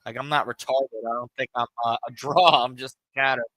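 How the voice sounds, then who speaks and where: A man's voice: mid-range voice, steady tone, a little fast, pushed and bright, dry recording, poor audio. A man streaming a game and chatting casually, rambling and swearing in a laid-back way on a cheap home mic. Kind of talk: casual stream chat while gaming. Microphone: cheap home microphone.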